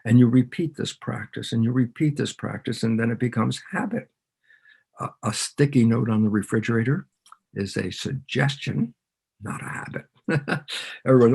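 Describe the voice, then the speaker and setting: A man's voice: medium pitch, normal speed, gravelly, darkish tone, slightly rough. A man, a biologist guest on a podcast, explaining ideas in conversation and animatedly acting out both sides of imagined dialogues.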